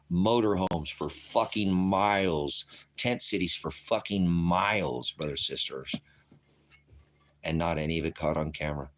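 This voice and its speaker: A man with a very low, deep voice delivers a rambling livestream rant as a preacher. His talk is profane and restless, full of restarts, and he keeps calling his listeners brothers and sisters. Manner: restless, jumps between topics with restarts. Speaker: streaming preacher addressing viewers.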